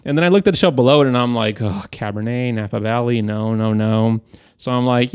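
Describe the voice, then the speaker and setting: A young man co-hosting a podcast, telling a story in an animated way, swearing and acting out what people said. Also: mid-range voice, fast, dry recording, studio quality. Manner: animated, profane, acts out quoted voices. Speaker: podcast co-host. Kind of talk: casual storytelling chat.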